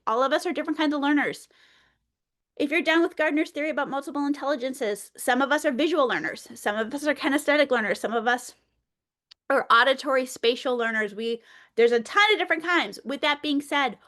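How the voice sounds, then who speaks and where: A high-voiced woman in middle age runs a training session for early childhood teachers. She talks in a bright, animated way and often acts out how she would speak to a class of small children. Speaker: early childhood educator leading a webinar. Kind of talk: teaching workshop with demonstration.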